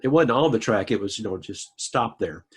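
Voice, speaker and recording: A man's voice: fairly low pitch, animated, moderate pace, slightly rough. A man hosting a podcast, chatting casually, laughing along and jumping in to finish stories. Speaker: podcast host. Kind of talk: casual chat.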